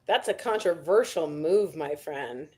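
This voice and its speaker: A woman's voice: low voice, animated, dark tone, slightly rough. A woman co-hosting a comedic news podcast, candid and sarcastic in casual chat. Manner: candid, sarcastic, quick to laugh. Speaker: podcast co-host.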